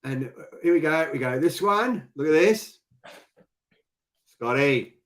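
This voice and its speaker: A man's voice: a little high, expressive, slow pace, fairly bright tone. An Australian man hosting a casual live-stream chat, teasing and bantering with his guest. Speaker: host.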